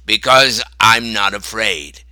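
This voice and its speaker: Storybook grandpa, an old beekeeper, stubborn, slow and gentle, read by a man. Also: lowish voice, dry recording, full character voice. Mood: calm. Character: bee-loving old grandfather, calm and stubborn.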